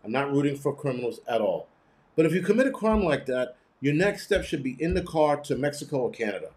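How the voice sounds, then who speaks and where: A man's voice: fairly high pitch, big pitch swings, brisk, darkish tone. A man hosting a casual live commentary, blunt and profane, rambling with many restarts. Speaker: host.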